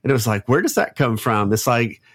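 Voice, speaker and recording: A man in his fifties from Florida with a Southern accent, chatting on a podcast in a halting, rambling way full of restarts. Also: medium pitch, dry recording. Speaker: podcast co-host. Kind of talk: casual chat.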